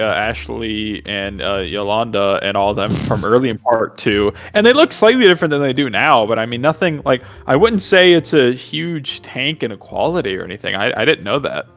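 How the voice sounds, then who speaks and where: A man co-hosting a casual chat, reacting in a relaxed and agreeable way. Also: mid-range voice, normal speed, few pauses, soft background music. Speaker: podcast co-host.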